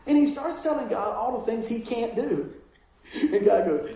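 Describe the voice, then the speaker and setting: Male pastor, high-pitched and playful; roomy distant church sound. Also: a little fast. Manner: animated, joking, acts out voices. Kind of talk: lively sermon with humor. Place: church hall. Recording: echoey church room, distant mic.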